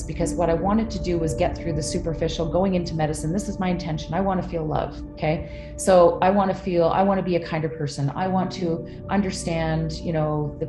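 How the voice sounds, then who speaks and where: A woman's voice: low-pitched, reverberant. A middle-aged woman telling a personal story with candid emotion, swearing freely. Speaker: guest.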